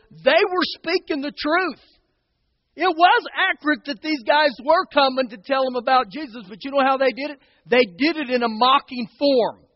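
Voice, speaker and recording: A man's voice: very high-pitched, no room sound, in a large hall, highs cut off. A man preaching a sermon as pastor, talking to the congregation in a conversational way and often checking in with "okay?" and "guys".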